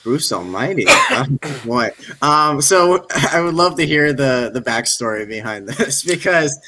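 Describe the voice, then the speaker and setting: A man appearing as a guest on a podcast, giving measured, diplomatic opinions on films. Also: medium pitch, expressive, sharp tone. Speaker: guest film critic. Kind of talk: casual chat.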